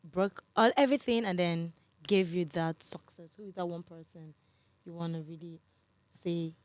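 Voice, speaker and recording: A woman's voice: lowish voice, steady tone, moderate pace, dry recording. A woman with a Nigerian accent hosting a casual podcast interview, playful, laughing a lot and slipping into Pidgin. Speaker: podcast host.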